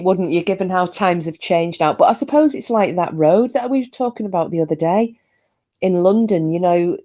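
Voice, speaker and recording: A woman with an Australian accent and a low voice hosts a casual live stream. She chats with her viewers and answers them by name, breaking into giggles often. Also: warm tone.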